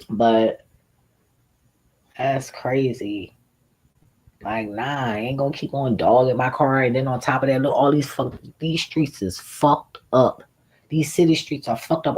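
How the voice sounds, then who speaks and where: A woman streaming a casual, profane rant, animated and laughing often as she talks. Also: very deep voice, low-quality recording. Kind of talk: casual ranting monologue.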